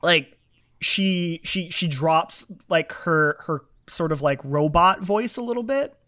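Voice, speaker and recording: A man with a fairly high voice talks on a casual gaming podcast. He describes things in a relaxed but animated way. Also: slow pace. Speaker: podcast panelist.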